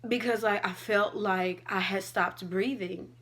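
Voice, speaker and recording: A woman's voice: medium pitch, fairly even intonation, a little slow, a bit bright. A young adult woman vlogging, telling a personal story in a casual, chatty way with lots of "like". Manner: chatty, fillers like "like" and "all like".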